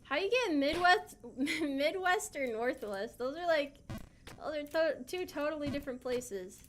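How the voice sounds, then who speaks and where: A young woman VTuber streams a game, chatting casually with viewers and playfully reading and answering their messages. Her voice is high-pitched with a lively, unhurried intonation, and there's a little hiss or hum in the audio.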